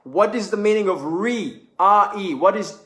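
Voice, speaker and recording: A man's voice: sits high, expressive, moderate pace, a bit bright, echoey room. A man giving a motivational talk, repeating phrases for emphasis and acting out quoted speech. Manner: repetitive, emphatic, acts out quoted voices. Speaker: motivational speaker.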